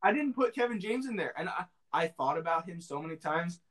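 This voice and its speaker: A young man co-hosting a podcast in casual chat, animated and laughing often. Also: high voice, fairly quick. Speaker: podcast co-host.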